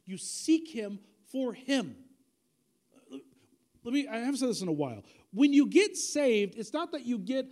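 A man's voice: very high voice, very animated, a little slow, darkish tone. A man preaching a sermon as pastor, dynamic and conversational, repeating key lines for emphasis with folksy asides.

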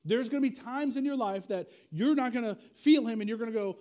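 A man's voice: extremely high pitch, fast, few pauses, mellow. A man preaching a sermon as pastor, dynamic and conversational, repeating key lines for emphasis with folksy asides.

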